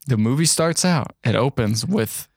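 A young man retells a film's plot in loose, joking podcast chat, slipping into goofy character voices. His voice sits at an everyday middle pitch. The sound is dry and close to the mic. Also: animated, moderate pace, vocal fry, slightly rough, dry recording. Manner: jokey, acts out characters in silly voices. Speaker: podcast co-host. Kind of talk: casual movie recap chat.

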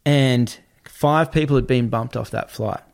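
A man telling a story in casual talk, animated and swearing, acting out what other people said. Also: mid-range voice, measured pace, vocal fry.

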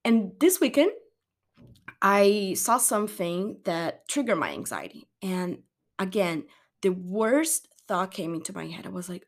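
A young woman speaks in an earnest, candid way about looking after yourself. She rambles a little and restarts her sentences as she goes, and her voice sits at a mid pitch. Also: expressive, unhurried. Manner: earnest, rambling, self-correcting. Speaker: wellness vlogger. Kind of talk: candid motivational monologue.

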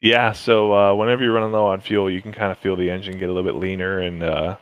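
A man's voice: low voice, flat delivery, fast, no echo, lo-fi sound. A man, a racing driver, talking casually through a race with many fillers and restarts. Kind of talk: casual interview chat.

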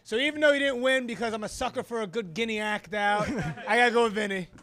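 A man's voice: extremely high pitch, fast talker, background noise. A man judging a comedy contest, rambling and crude as he gives his verdict. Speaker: comedy judge. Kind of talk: judge's verdict at a comedy show.

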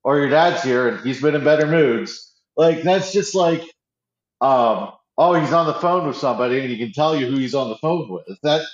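A man's voice: mid-range voice, lively intonation, moderate pace. Eager man, casual chat, roomy slightly dull recording, frequent restarts. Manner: enthusiastic, restarts often, acts out quotes. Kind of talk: casual pop-culture chat.

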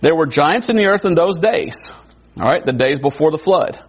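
A man preaching a sermon in a conversational way, wondering aloud and adding quick asides. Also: on the high side, expressive, breathy edge. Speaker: pastor. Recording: dull lo-fi recording.

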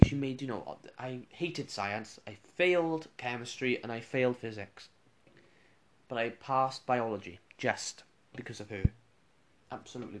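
A man's voice: medium pitch, slight background noise. A man, a radio presenter, casually rambling through funny school anecdotes with restarts and chuckles.

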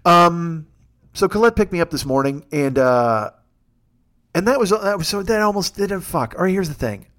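A man's voice: high voice, lively intonation, moderate pace. A man hosting his own show in a casual comic monologue, rambling and profane with a wry tone. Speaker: podcast host.

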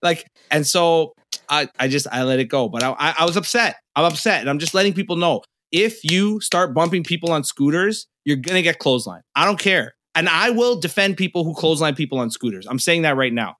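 Animated young man telling street stories. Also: a little high, brisk, a little hiss or hum. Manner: animated storyteller, acts out arguments, swears freely. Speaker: podcast co-host. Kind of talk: casual podcast chat.

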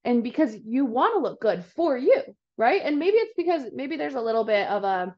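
A woman's voice: sits high, sing-song, moderate pace, few pauses, a little mellow. A woman hosting a casual podcast chat, emphatic and encouraging, rambling through her points. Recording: slightly dull lo-fi audio.

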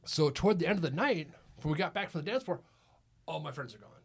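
Husky and animated, this middle-aged man talks fast in a higher-pitched voice as he hosts his podcast. His casual storytelling rambles, full of laughs and "it's like."

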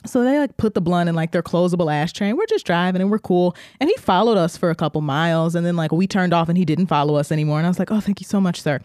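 A woman's voice: lowish voice, fast, few pauses, a little mellow, dry recording, studio quality. A woman podcast co-host telling a story in casual chat, laughing often and acting out the voices she quotes.

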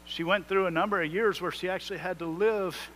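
Man, pastor preaching, high voice, bright tone, emphatic rising delivery. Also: fairly even intonation, brisk, slight background noise. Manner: preaching with rising emphatic swells and quoted prayers. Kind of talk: sermon.

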